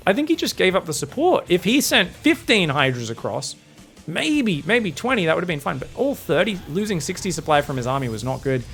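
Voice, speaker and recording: A man giving solo play-by-play commentary on a strategy game match, excitable and casual, acting out the players' thoughts and swearing now and then. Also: a little high, a little hiss or hum. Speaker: esports caster.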